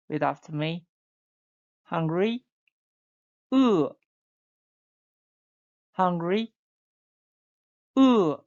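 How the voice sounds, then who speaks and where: Slow, patient woman teaching vowels. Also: lowish voice, muffled recording. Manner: slow, drawn-out demonstration sounds for repeating. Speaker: Chinese teacher. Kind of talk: online language lesson.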